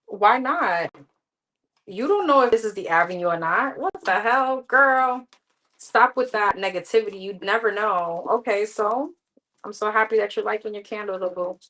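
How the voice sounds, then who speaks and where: A woman's voice: mid-range voice, moderate pace, fairly bright tone, low-quality recording. A woman giving live tarot readings in a candid, chatty way, talking straight to her viewers. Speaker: tarot reader.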